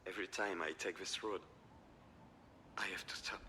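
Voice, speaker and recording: A man's voice: on the low side, normal speed, slight background noise. A regretful, subdued middle-aged man. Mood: wistful. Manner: quiet and subdued, drops to a near whisper.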